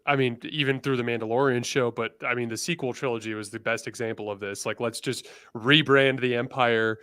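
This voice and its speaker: Male podcast guest, mid-pitched, lively riffing, acts out quotes; dead-dry mic. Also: brisk, clean tone, dry recording. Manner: animated, acts out quoted characters. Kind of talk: casual podcast chat.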